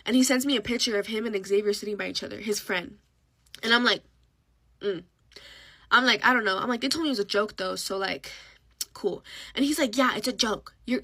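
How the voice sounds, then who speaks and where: A young woman telling a storytime in casual monologue, acting out quotes with sudden pitch jumps and dropping to whispers. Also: pushed and bright, no room sound.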